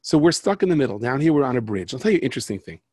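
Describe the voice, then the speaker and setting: Man, storyteller, rambling, conversational, raspy, dry sound. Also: mid-range voice, big pitch swings, rapid-fire, darkish tone, dry recording. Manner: rambling, conversational, self-interrupting. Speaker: speaker, storyteller. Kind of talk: storytelling talk with jokes and parables.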